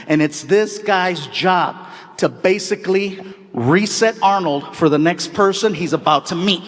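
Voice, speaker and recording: A man doing stand-up storytelling in an animated, excitable way, laughing along with his own story. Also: high voice, in a large hall. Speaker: stand-up comedian.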